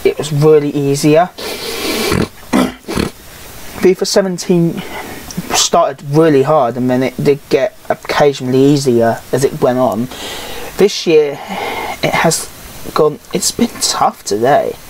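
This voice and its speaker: A woman's voice: low-pitched, takes it slowly, long pauses, darkish tone, a little hiss or hum, rough recording. A woman giving casual, grumbling, sarcastic game commentary and swearing freely. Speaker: gaming YouTuber.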